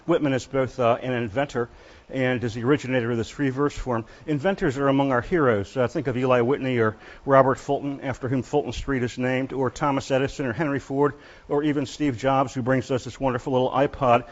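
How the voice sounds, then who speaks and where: In a lecture hall, a male literature professor delivers a university lecture in a halting manner, frequently pausing and restarting. His middle-pitched voice keeps a steady tone, and the audio comes across slightly muffled and dull.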